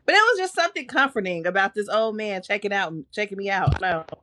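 Animated woman co-host telling stories. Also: medium pitch, fast talker, a little hiss or hum. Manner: animated storyteller, acts out quotes. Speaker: podcast co-host. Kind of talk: casual chat.

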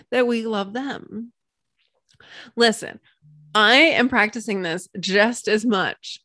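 A woman's voice: fairly bright tone, no room sound, studio quality. Bubbly woman hosting a solo podcast. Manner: bubbly, swings into high squealing cheerleader praise. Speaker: podcast host and coach. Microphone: computer mic.

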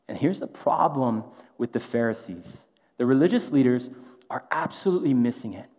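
A man's voice: medium pitch, animated, normal speed, a little mellow, slightly rough. A man preaching a sermon in a casual, conversational way, often tossing in a rhetorical "right?". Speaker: pastor. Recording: long hall reverb, dull lo-fi sound.

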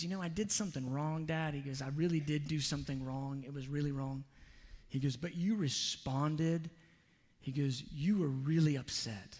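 A man preaching a sermon, telling a personal story in an earnest, confessional way with soft asides. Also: fairly high pitch, in a large hall. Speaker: pastor.

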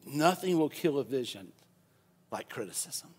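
A man preaching a sermon, moving from quiet storytelling to loud, shouted preaching and leading the congregation in call-and-response. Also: medium pitch, animated, a little slow, breathy edge. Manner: leads the congregation in repeating phrases. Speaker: pastor.

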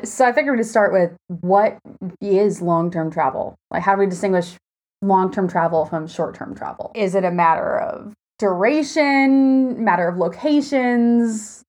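A woman's voice: medium pitch, unhurried, a little mellow. A woman hosting a casual podcast chat, asking questions, laughing easily and recording from a hotel room. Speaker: podcast host.

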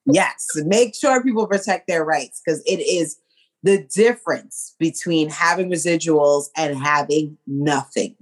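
A woman's voice: deep voice, a little slow, slightly rough. Woman podcast co-host, loose and tipsy, rambling casual chat.

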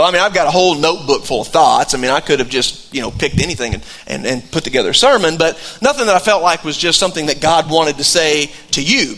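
A man's voice: fairly high pitch, a bit bright. A middle-aged man preaching a sermon in a conversational storytelling way, often restarting his sentences. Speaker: pastor.

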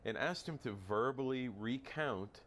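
A man in casual podcast chat, thinking aloud in halting, reflective talk with repeated words. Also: medium pitch, a bit bright.

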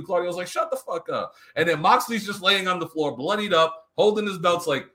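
A man casually recapping a wrestling show on a podcast, animated and profane, acting out what the wrestlers said. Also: a little high, fairly quick. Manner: animated, profane, acts out quotes. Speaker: podcast co-host.

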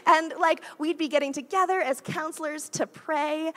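Her pitch sits high and her intonation stays fairly even as she talks at a normal speed, hardly pausing at all. She's a woman in her thirties guest-preaching a conversational church sermon, chatty and full of "like" and "right?"

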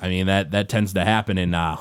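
A low-key, curt man in a tabletop game, drawling short offhand replies, as the game master drops his voice for him. The sound is dry and close. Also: fairly even intonation, brisk, clear, resonant tone, no echo, lightly acted. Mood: laid-back.

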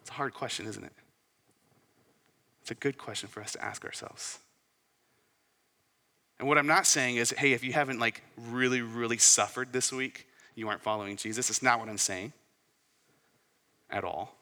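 Bright-voiced preacher in an echoing hall. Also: male voice, medium pitch, normal speed, long pauses. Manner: conversational, asks the listeners rhetorical questions. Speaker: pastor. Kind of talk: sermon. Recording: long hall reverb.

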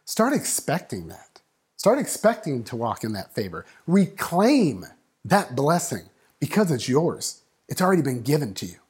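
A man preaching a sermon, building up and dropping to a hush, acting out voices in the story. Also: medium pitch, wildly swooping pitch, moderate pace, husky. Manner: dynamic preaching, swings from loud to hushed. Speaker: pastor.

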